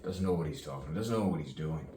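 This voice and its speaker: A man's voice: very deep voice, expressive, racing, warm tone. A man rambling in a self-recorded monologue, musing and sardonic, asking himself questions and laughing at himself. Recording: echoey room, distant mic, faint background noise.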